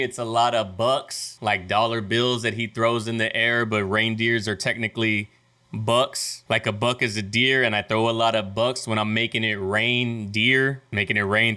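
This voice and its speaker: A young man hosting a music reaction, talking casually, breaking down the wordplay excitedly and laughing often. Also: medium pitch, clear, resonant tone.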